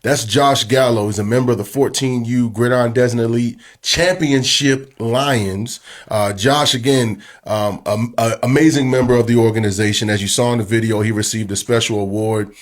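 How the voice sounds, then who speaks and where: A man's voice: medium pitch, steady tone, normal speed, few pauses. A man who is vice president of a youth football organization, chatting as a studio guest in an upbeat, promotional way with light jokes. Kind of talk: casual sports show chat.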